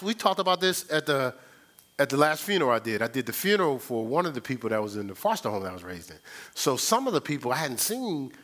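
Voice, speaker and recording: An older man preaching a sermon as pastor, telling stories in a conversational way and talking straight to the congregation. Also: on the high side. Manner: animated storytelling, sound effects and laughter; conversational, addresses the congregation directly.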